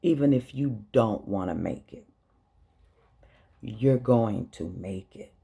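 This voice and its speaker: A woman's voice: extremely low pitch, animated, creaky, warm tone, husky. A middle-aged woman from Chicago with a Chicago accent, talking straight to her viewers in an emotional, blunt monologue. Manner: slow, earnest and blunt, with profanity. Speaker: vlogger. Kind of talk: emotional direct-to-camera monologue.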